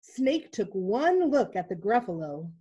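A woman's voice: mid-range voice, sing-song, unhurried, warm tone, slightly rough, lo-fi sound. A woman narrating a picture book aloud to a class over a video call. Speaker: teacher.

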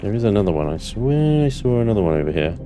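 A man narrating his own gameplay, excitable and talking to himself, swearing now and then. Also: on the low side, quick pace, over music. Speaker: gameplay commentator. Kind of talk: let's play commentary.

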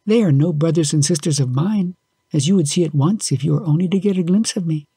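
A man's voice: fairly high pitch, quick pace, warm tone, breathy edge, no echo, studio quality. A man voicing a cheerful little female fairy spirit with a coaxing, playful way of speaking.

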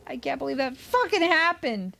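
A young woman streamer giving casual gameplay commentary, excitable and swearing often. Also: sits high, normal speed, vocal fry. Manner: excitable, swearing, shrieks and laughs.

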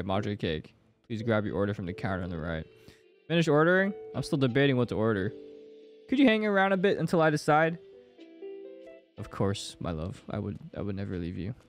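A young man playing a horror game, reacting with jumpy, joking commentary and reading lines aloud. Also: medium pitch. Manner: jumpy, swears and laughs at scares, reads game lines aloud. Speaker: gaming streamer.

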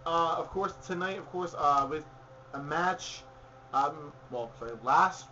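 A fairly high-voiced man chats loosely about the week's wrestling, rambling and opinionated, stopping to correct himself as he goes. The recording is dull and lo-fi with a faint hiss behind him. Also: a little slow, pushed and bright. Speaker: podcast co-host. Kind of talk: casual wrestling recap chat.

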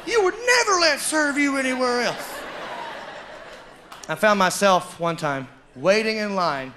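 High-voiced male stand-up comic. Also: background noise. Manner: animated storytelling, bursts of shouting. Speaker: stand-up comedian. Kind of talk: stand-up comedy set. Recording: live comedy club with audience laughter.

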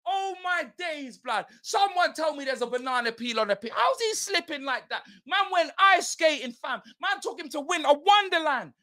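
A woman reacting live to a football match as a streamer, excitable, swearing and shouting at the play. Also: sits high, normal speed, few pauses.

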